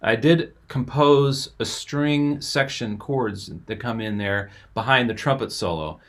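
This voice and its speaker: A man's voice: medium pitch, measured pace. Man talking through a song. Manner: explanatory, enthusiastic, talks over playing music. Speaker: host and musician. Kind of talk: casual music commentary.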